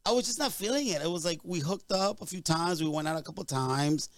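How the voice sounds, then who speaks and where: A man's voice: on the high side, lively intonation, a little fast, no echo. A young man co-hosting a podcast, telling a long, rambling story with lots of asides. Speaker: podcast co-host. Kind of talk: casual storytelling.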